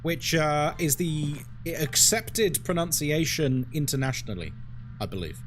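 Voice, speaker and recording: Male horror streamer with a fairly high, very lively voice, chatty and ranty, cursing freely while he plays. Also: unhurried, slight background noise. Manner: chatty, ranting, swears and laughs often. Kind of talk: casual live-stream commentary.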